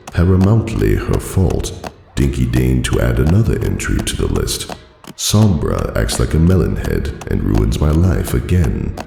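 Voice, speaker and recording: A man narrating a fan audiobook in a dry, formal storytelling manner with a gravelly voice. His voice carries a roomy reverb. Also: very deep voice, noisy background.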